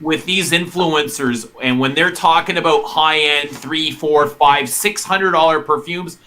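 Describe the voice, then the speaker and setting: A man's voice: on the high side, measured pace, pushed and bright. A man in a casual conversation, making his point emphatically and insistently. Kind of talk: casual chat.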